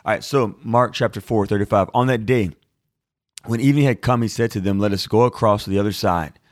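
A man's voice: fairly low pitch, fairly even intonation, fairly quick, no echo, clean studio sound. A man in his thirties reading Scripture aloud and then explaining it in a chatty, informal way to answer a viewer's question. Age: 30s. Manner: chatty and informal, with fillers like "like" and "y'all". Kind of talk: Bible reading and casual teaching.

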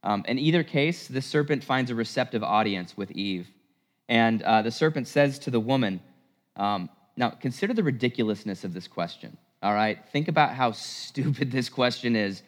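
A man preaching a sermon in a church, animated and emphatic, with rhetorical questions. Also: medium pitch, normal speed. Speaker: priest preaching. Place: church sanctuary. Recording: long church reverb.

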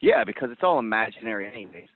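A man's voice: fairly low pitch, wildly swooping pitch, racing, gravelly. A man in a casual podcast roundtable who talks animatedly and acts out quoted voices. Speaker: roundtable panelist. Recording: tinny dry phone-like line.

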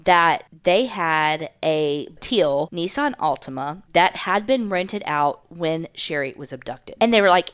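A woman's voice: lowish voice, lively intonation, unhurried, few pauses, clear, resonant tone. A woman, co-hosting a podcast and telling a true-crime story casually, swearing and acting out the people she quotes. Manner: chatty, swears, acts out quotes in voices. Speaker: podcast co-host.

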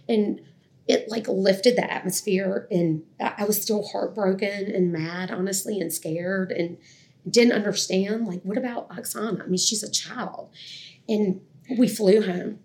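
A woman's voice: mid-range voice, steady tone, normal speed, creaky, a little mellow. A middle-aged woman, telling a personal story in an earnest, candid way. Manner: earnest, candid, quotes others' words. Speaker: guest telling her adoption story.

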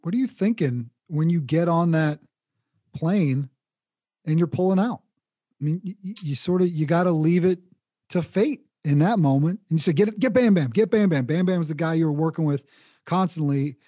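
Dark-toned male interviewer, dry sound. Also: a little high, moderate pace, dry recording. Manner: reflective, sums up the guest's story. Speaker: interviewer host. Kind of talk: interview questions.

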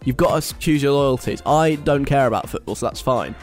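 Young british guy doing radio chat, poking fun at stuff, some music quietly in the back. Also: mid-range voice, brisk. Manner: chatty, wry and mocking. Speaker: radio host. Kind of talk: casual radio talk.

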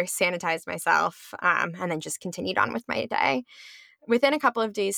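Brief: young woman, school teacher, low gravelly voice, chatty first-person storytelling, dry close sound. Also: sharp tone, dry recording. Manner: conversational, with frequent ums and likes. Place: her home.

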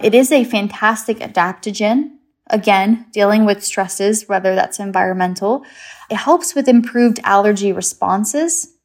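A woman's voice: medium pitch, moderate pace. An English-born woman, a guest expert, explaining things in an upbeat, chatty way with simple memory tricks. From England. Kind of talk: casual chat.

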